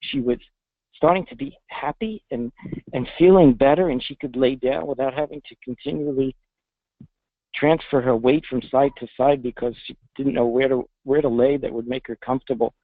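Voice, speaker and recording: A man who is a veterinarian tells a patient's story in an interview, earnest and halting with restarts, choked up with emotion, talking from a public space. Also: mid-range voice, no echo. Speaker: veterinarian guest. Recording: dry tinny phone-like line.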